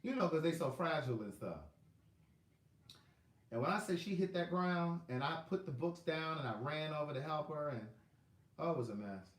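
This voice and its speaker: A man's voice: fairly high pitch, animated, normal speed. A man with a Southern US accent hosting a casual live stream, rambling and talking to viewers by name while checking his phone. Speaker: livestream host selling books. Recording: echoey room.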